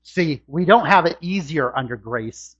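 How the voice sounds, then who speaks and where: A man preaches a sermon from a church, his husky voice swinging widely in pitch and climbing on his rhetorical questions. The recording sounds dull and lo-fi. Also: expressive, a little slow, a bit bright. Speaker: pastor. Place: church sanctuary.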